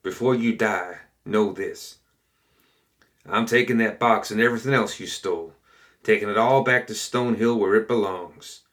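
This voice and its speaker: A man's voice: fairly low pitch, moderate pace, a bit bright, close to an everyday voice. A man doing a grim drawling bayou gremlin. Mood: menacing.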